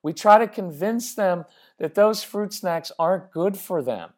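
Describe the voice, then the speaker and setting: A woman's voice: on the low side, unhurried, darkish tone. A middle-aged woman speaking as a parenting coach, talking to listeners in a conversational, emphatic way that keeps checking in with them. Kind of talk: direct-to-camera parenting talk.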